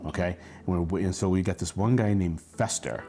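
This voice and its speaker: A man's voice: low-pitched, normal speed, faint music behind. A man in his forties telling a funny college story in casual talk, laughing often and acting out the voices of the people in it. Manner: animated, laughs often, acts out quoted voices. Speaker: storyteller host.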